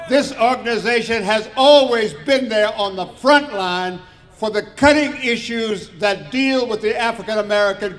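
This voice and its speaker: An older man with a high-pitched voice accepts an award. He speaks formally, with the measured rhythm of a church speaker. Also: a bit bright. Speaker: award recipient.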